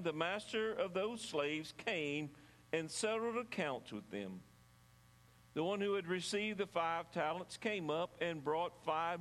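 A man delivers a sermon in a church, reading scripture and then explaining it with earnest, measured emphasis. His voice sits a bit higher than most men's, and he sometimes stumbles and restarts a phrase. A long hall reverb trails behind every line. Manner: earnest, measured preaching with some halting restarts. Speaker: pastor.

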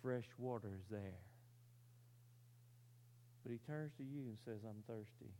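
A man preaching, telling a story with dramatic swings from loud to very quiet and asking his listeners rhetorical questions. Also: mid-range voice, unhurried, slight background noise. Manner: asks the audience rhetorical questions. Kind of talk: sermon illustration.

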